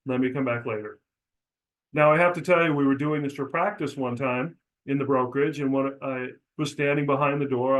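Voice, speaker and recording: A middle-aged man, a real estate broker, teaching agents how to introduce themselves at the door, acting out sample lines as he goes. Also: poor audio. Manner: coaching, demonstrates scripts aloud with pitch changes. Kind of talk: instructional talk.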